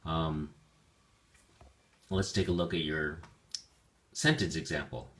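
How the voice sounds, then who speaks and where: A very deep-voiced man leads a vocabulary lesson for English learners. He says each word slowly and repeats it with careful enunciation, and a few ums slip in as he talks. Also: fairly even intonation, fairly bright tone. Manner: slow, careful enunciation of words. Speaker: ESL teacher.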